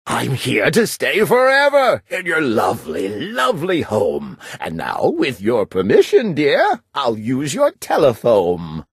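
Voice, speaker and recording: A woman's voice: extremely low pitch, wildly swooping pitch, slow pace, few pauses, breathy edge, no echo, studio quality, full character voice. A woman doing a smug, jabbering green glunk. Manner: sweet-talking, jabbering. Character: greenish smug chattering male glunk creature. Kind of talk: storybook reading.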